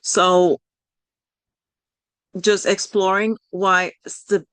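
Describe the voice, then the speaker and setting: Encouraging woman coach, accented, low-pitched. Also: unhurried, a bit bright, dry recording. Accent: non-native English accent. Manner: encouraging, loose and rambling, many fillers and apologies. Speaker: life coach leading a group session. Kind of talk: online workshop talk.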